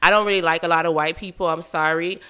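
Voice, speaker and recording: A young woman from Savannah, an artist guest in a casual interview, expressive and laughing often. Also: fairly low pitch, fast, clean tone. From Savannah, Georgia, USA. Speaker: guest, musician.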